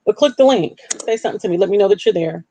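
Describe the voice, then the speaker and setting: A woman hosting a live call-in broadcast, talking candidly and self-deprecatingly about her own life. She jumps up in pitch to act out her past self. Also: expressive, rapid-fire, mellow. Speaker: livestream host.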